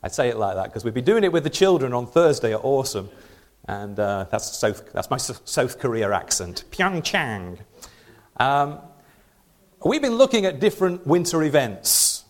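A man's voice: mid-range voice, big pitch swings, brisk. A middle-aged man giving a sermon in a conversational way, with rhetorical questions and frequent restarts. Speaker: preacher.

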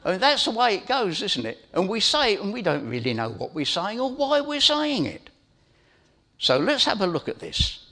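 A man's voice: high voice, wildly swooping pitch, moderate pace, pushed and bright. A middle-aged man giving an informal sermon as preacher, telling a family story in a chatty way with asides to his listeners.

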